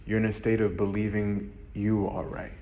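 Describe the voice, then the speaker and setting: Speaking at a moderate pace with a fairly low pitch, a monk delivers a casual sermon in a flat, dark tone. He keeps asking "right?" as he talks.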